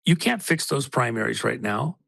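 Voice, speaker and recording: Gravelly guy guest, really insistent and emphatic, dry close sound with no room. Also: mid-range voice, animated, moderate pace, fairly bright tone, dry recording. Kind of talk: political talk show conversation.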